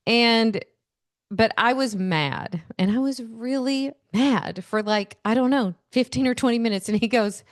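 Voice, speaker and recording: A woman in her forties hosting a podcast, telling stories in an animated way and laughing often. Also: mid-range voice, moderate pace, dry recording, studio quality. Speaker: podcast host. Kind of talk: casual solo podcast talk.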